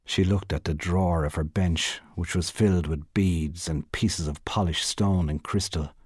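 Low husky man reading a story. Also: no room sound, studio quality. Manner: measured, even storytelling. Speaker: reader of a short story. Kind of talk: literary reading.

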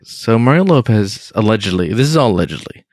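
Lively casual man, swears and says dude. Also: lowish voice, brisk, dry recording, clean studio sound. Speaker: podcast co-host. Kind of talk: casual chat.

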